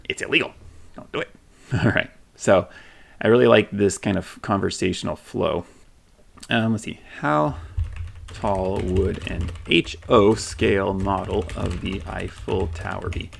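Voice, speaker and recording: This is a man with a deep voice and a very gravelly texture, talking through a software demo at his desk. He thinks aloud in a casual way and reads lines off the screen with plenty of ums. Keyboard typing is heard behind him. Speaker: tech video host.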